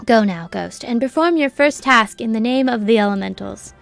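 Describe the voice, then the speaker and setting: A woman reading the lines of a solemn forest guild master aloud from a game, formal and measured. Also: a little high, creaky, faint music behind.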